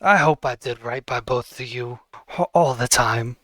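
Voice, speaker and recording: A man's voice: medium pitch, pushed and bright, no echo, natural voice. Man playing a tender ghost father, once a rogue. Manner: fond, halting, fatherly. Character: ghost father, old roguish thief, tender.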